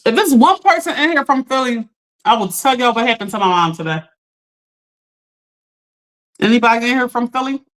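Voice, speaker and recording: A woman's voice: a little high, expressive, normal speed, long pauses, fairly bright tone. Chatty woman hosting a coaching livestream. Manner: chatty, direct, talks to viewers as y'all. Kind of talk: casual livestream talk to viewers.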